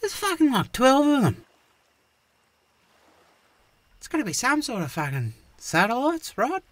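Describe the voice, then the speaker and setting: A man voicing a crude, cheeky Australian bloke in a cartoon with a shrill, cockatoo-like voice, swearing constantly. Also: huge pitch swings, a bit bright, no room sound, full character voice. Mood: excited. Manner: swears constantly, quick comebacks. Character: squawky wiry Aussie bloke, crude and cheeky. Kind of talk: animated cartoon voice acting.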